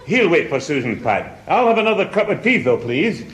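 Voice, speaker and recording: A man's voice: a little high, very animated, a little fast, fairly bright tone, slight background noise. An actor playing a blustering, put-upon old grandfather in a 1960s radio comedy. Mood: flustered. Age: older. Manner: blustering, flustered.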